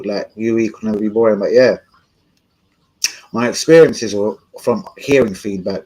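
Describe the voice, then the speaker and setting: Laid-back, slangy man with a low voice. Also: a little mellow, low-quality recording. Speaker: streamer and channel host. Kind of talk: casual live-stream chat.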